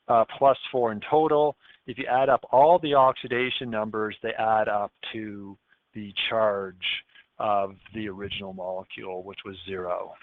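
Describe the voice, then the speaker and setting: A Canadian man with a lowish voice delivers a recorded chemistry lesson flatly at a normal speed. He explains step by step and checks in often with "okay?", and the audio is dry and tinny, like a phone.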